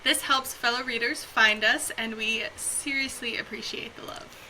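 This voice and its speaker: A woman's voice: on the high side, normal speed, sharp tone, slight background noise, poor audio. A young woman co-hosting a book podcast, chatting casually and getting giggly and tipsy. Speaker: podcast co-host. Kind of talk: casual chat.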